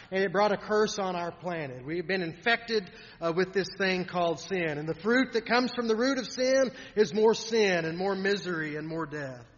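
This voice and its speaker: A man preaching a sermon in an earnest way, often repeating words and trailing off softly at the ends of lines. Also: high voice. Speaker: pastor. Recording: dull sound in a reverberant hall.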